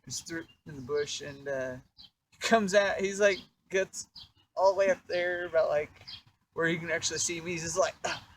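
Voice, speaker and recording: High-voiced young man telling a story. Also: moderate pace, recorded from a distance, slight background noise. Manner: animated, profane, rambling with fillers. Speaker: vlogger. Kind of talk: casual storytelling.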